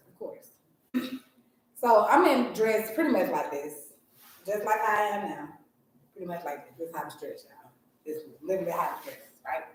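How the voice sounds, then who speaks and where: A woman co-hosting a podcast, telling a story in casual chat and acting out the people she quotes. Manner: animated, acts out quoted people in a higher voice. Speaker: podcast co-host. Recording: echoey room, mic far off.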